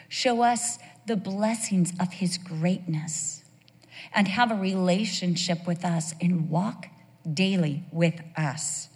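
A woman teaching a Bible sermon to a women's group, conversational and animated, telling stories with rhetorical questions. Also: medium pitch, in a large hall.

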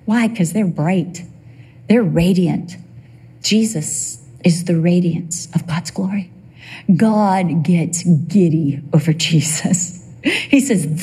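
A woman in her fifties preaching a sermon with an emotional, expressive delivery. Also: on the low side, takes it slowly, slightly rough.

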